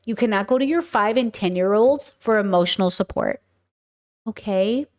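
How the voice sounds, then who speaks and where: A woman's voice: medium pitch, moderate pace. A woman hosting an opinionated commentary stream, talking bluntly and hammering her points home by repeating them. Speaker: streamer and host.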